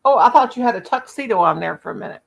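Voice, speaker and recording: A woman's voice: fairly high pitch, animated, racing, creaky, dull audio. Playful Southern woman hosting a livestream. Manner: playful, sings nonsense syllables, chatty. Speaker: crochet livestream host. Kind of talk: casual live chat.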